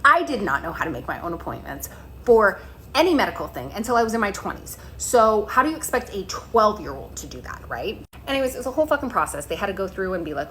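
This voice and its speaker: A woman's voice: mid-range voice, big pitch swings, fast, a bit bright, slight background noise, poor audio. A woman in her thirties, telling an angry story about her son's records with swearing and quoted phone calls. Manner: exasperated, swearing, quoting both sides of calls. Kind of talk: casual storytelling rant.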